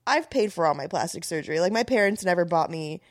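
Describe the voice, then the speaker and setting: A woman's voice: lowish voice, animated, fast, no echo, studio quality. Candid woman telling wild stories. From Florida, US. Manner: candid, storytelling, frequent "like". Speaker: guest, stand-up comedian. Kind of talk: casual podcast chat.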